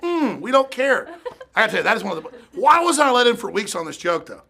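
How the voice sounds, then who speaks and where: A man's voice: high-pitched, very animated, rapid-fire, vocal fry, sharp tone. A man hosting a studio show, rambling and repeating himself with laughing asides. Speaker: show host. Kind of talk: off-the-cuff studio banter.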